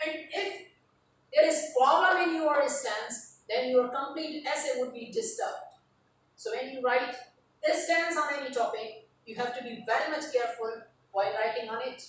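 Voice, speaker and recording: A woman teacher giving a lecture on essay writing, explaining each step slowly and repeating the key terms. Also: sits high, a little hiss or hum. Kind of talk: classroom lecture. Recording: echoey room from far off.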